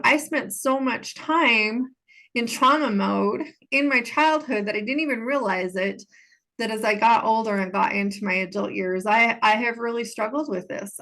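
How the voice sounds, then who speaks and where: An adult woman with a fairly high, slightly bright voice hosts a solo podcast as a healing coach. She speaks earnestly yet casually about healing, repeating phrases for emphasis.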